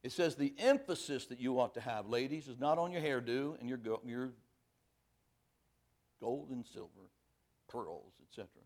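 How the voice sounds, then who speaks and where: A man preaching a sermon, reading scripture aloud and pressing each point hard, then dropping to quiet asides. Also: mid-range voice, lively intonation, normal speed, pauses often.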